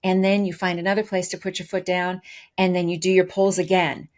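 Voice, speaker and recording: A woman's voice: on the low side, flat delivery, fairly quick, a little mellow, slight background noise. A woman co-hosting a podcast, telling her story in a chatty way with frequent restarts. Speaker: podcast co-host. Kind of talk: casual chat.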